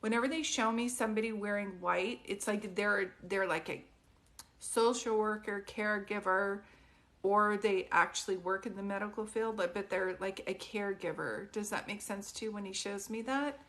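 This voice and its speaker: Woman, psychic medium on a live stream, gentle and questioning, mid pitch, close phone mic. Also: normal speed. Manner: soft, consoling, often asks questions. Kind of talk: live-stream reading, casual and chatty.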